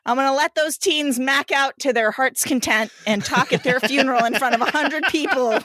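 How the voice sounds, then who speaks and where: A woman's voice: sits high, moderate pace, pushed and bright, no echo, studio quality. A woman co-hosting a podcast in casual chat, laughing often and reading game cards aloud. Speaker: podcast co-host.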